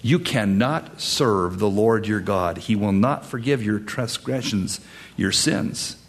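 A man preaching an expository sermon to his congregation, animated, swinging between loud high emphasis and hushed whispers. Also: slow, slightly rough. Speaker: pastor.

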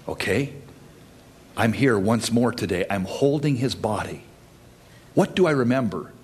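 Man preaching from the pulpit, earnest and emphatic, slightly husky. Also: mid-range voice. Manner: earnest preaching with dramatic pauses and rising emphasis. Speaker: pastor. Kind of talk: sermon.

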